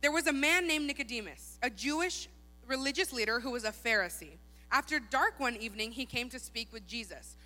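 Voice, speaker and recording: A woman's voice: on the high side, animated, a little fast, sharp tone, soft background music. A young woman preaching a sermon in a church hall, casual and chatty. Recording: long hall reverb.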